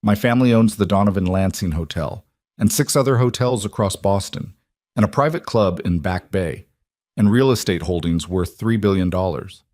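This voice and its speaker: A man voicing a cold, guarded crime boss in a read-aloud story, speaking quietly with terse, flat replies. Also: sits low, normal speed, no room sound, studio quality, lightly acted. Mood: blunt.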